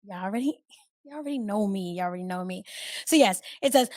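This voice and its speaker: A woman hosting her own podcast, talking in a candid, chatty way that swings between loud and soft and swears freely. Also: medium pitch, animated, brisk, dry recording, studio quality. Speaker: podcast host. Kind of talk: casual solo podcast chat.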